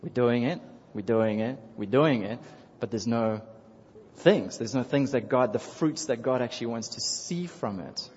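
A pastor with a mid-range, slightly mellow voice preaches to his congregation in an animated, conversational way at normal speed, repeating phrases, chuckling, and addressing listeners directly. The church sanctuary recording sounds dull, with long hall reverb and a little hiss or hum.

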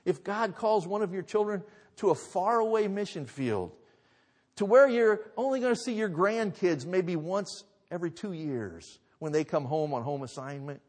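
Man, pastor, sermon, dramatic emphatic storytelling, high voice, long church reverb. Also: expressive, normal speed, darkish tone. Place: church sanctuary.

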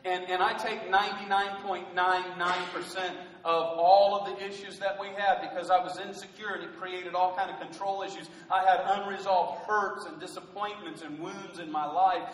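A man's voice: sits high, little pitch movement, moderate pace, few pauses. A male pastor preaching a rousing sermon, asking the congregation rhetorical questions. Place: large church hall. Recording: echoey hall from far off.

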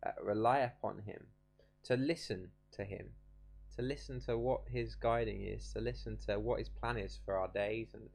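A young man giving an informal devotional talk, casual and halting with many restarts. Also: fairly low pitch, steady tone, gravelly, darkish tone. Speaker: preacher.

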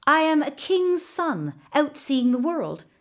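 Bold young prince, high and sure of himself, a lady reading it out. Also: very animated, slow, exaggerated voice. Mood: confident. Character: proud young prince in disguise, bold and clever.

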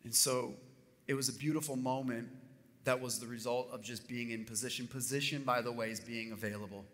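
A man's voice: mid-range voice, fairly quick. A man preaching a sermon, telling a personal story and then building up with rising fervor. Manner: animated, building to near-shouts. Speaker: pastor. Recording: reverberant hall.

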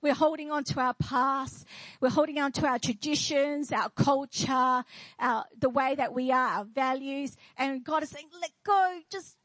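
A woman's voice: high-pitched, fairly even intonation, moderate pace, fairly bright tone, no room sound, poor audio. A woman pastor preaching a sermon in church, declaring and asking the congregation questions.

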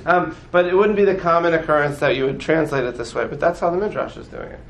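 A man teaching a class as a rabbi, in casual classroom style, animated and often checking in with his listeners. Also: on the high side, fast talker, roomy sound, slight background noise, rough recording. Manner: animated, acts out voices of the story, frequent "right?".

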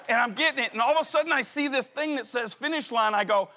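A man preaching a sermon through an animated, comic personal story. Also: very high-pitched, fast, a little hiss or hum.

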